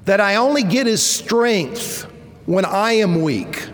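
A man in his fifties preaching a sermon, earnest and measured, his voice swelling at points of emphasis. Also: sits high, lively intonation. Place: church sanctuary. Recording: long reverb of a church hall.

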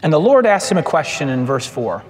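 A high-voiced man preaches in a big hall whose reverb trails after every phrase. He is animated and throws himself into each quoted line, and his delivery swings from loud to hushed. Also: brisk. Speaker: pastor. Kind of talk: sermon.

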